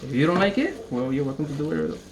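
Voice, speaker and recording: A young man casually showing how to prep a brisket at home, rambling and cracking jokes as he works. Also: a little high, gravelly. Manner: joking, rambling, swears casually. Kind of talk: casual cooking demonstration. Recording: noisy room ambience.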